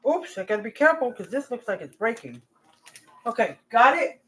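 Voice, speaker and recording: A woman's voice: a little high, big pitch swings, brisk, fairly bright tone, a little hiss or hum. A woman hosting a cooking vlog, rambling chattily and talking straight to her viewers from her home kitchen. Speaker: cooking channel host.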